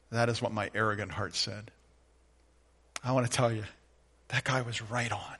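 A middle-aged man preaching a sermon as pastor, moving from quiet, conversational storytelling to emphatic, rising declarations. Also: mid-range voice, fairly even intonation, normal speed, long pauses, breathy edge.

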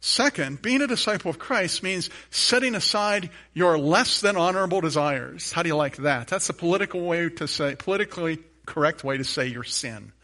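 A man's voice: a little high, animated, normal speed, few pauses, sharp tone. A man preaching a sermon as pastor, emphatic, building on repeated phrases, with light humorous asides to his congregation.

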